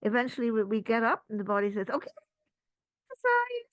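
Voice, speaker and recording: Speaking at a racing pace in a medium-pitched voice, a woman spiritual teacher addresses a group, telling stories and acting out lively little asides. The recording is dry and the audio dull.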